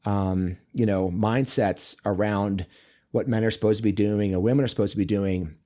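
A man talks as a guest in a relaxed interview, his voice low in pitch. His tone is warm and mellow. He tells rambling, earnest stories as a men's coach. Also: moderate pace. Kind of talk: casual interview conversation.

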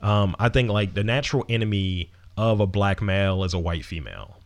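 A man co-hosting a casual podcast, talking in a lively, profane way with mocking asides. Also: lowish voice, fairly quick. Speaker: podcast co-host.

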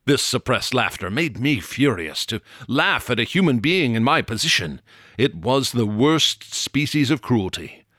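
A man narrating a classic horror tale in a measured, dramatic way, dropping low and slowing down for suspense. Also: big pitch swings, sharp tone, no room sound, clean studio sound. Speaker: audiobook narrator. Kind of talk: dramatic horror story reading.

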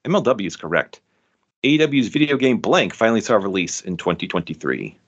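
A man hosting a trivia podcast, reading the questions out briskly and confirming the answers. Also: fairly low pitch, sing-song, a bit bright, husky, lo-fi sound. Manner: brisk, amused, reads the questions aloud. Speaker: quiz host.

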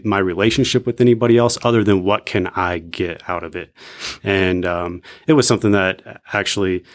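A low-pitched man shares his faith testimony in casual chat. He is reflective and measured, pausing often and saying "um" a lot.

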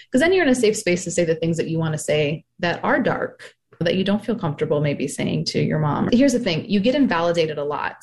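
A woman in her thirties, a podcast guest speaking frankly about motherhood, animated when she quotes other people. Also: fairly low pitch. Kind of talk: candid personal storytelling.

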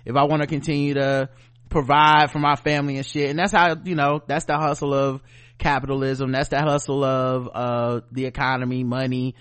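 A man co-hosting a podcast in casual chat. He speaks bluntly, swears freely and gets animated. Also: medium pitch, moderate pace, smooth. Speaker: podcast co-host.

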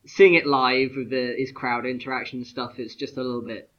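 A man's voice: medium pitch, little pitch movement, moderate pace, fairly bright tone, lo-fi sound. A man co-hosting a casual chat podcast, rambling with lots of fillers and restarts. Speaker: podcast co-host.

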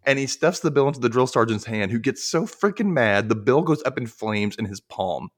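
A man hosting a podcast in a casual chat, recapping a cartoon episode as an animated storyteller who laughs often. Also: medium pitch, a little fast. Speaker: podcast host.

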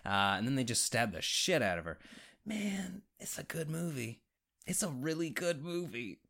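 A man from Canada co-hosting a casual chat, animated and swearing, talking in quick bursts with restarts. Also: on the high side. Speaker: podcast co-host.

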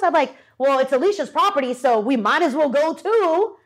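A woman's voice: high voice, a little fast. A woman co-hosting a podcast, telling a story in casual chat and acting out the voices of the people in it. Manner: animated, acts out quoted voices. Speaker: podcast co-host. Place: studio with audience.

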